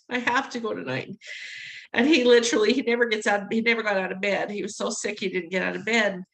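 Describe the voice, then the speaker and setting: A woman's voice: mid-range voice, a little fast, creaky, a bit bright, poor audio. A middle-aged woman telling a personal story in an interview, acting out the voices she quotes and laughing between lines. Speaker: interview guest.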